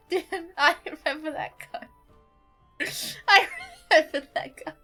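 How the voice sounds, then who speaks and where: Bright high-voiced British woman streamer. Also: takes it slowly, faint music behind. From Britain. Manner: swears freely, laughs, rants with exaggerated indignation. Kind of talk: casual gameplay chat.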